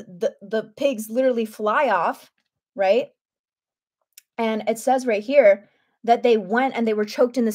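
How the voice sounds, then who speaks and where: A woman teaching through a Bible passage in a lively, conversational way, often checking in with her listeners. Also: on the high side. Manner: animated, conversational, frequent "right?" asides.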